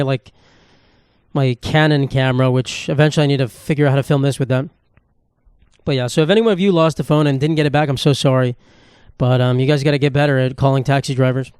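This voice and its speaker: A man's voice: fairly high pitch, darkish tone, clean tone, no room sound, clean studio sound. A man hosting a podcast alone, telling stories in a rambling, swearing, self-mocking way, recorded on a phone. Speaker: podcast host. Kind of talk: casual solo monologue.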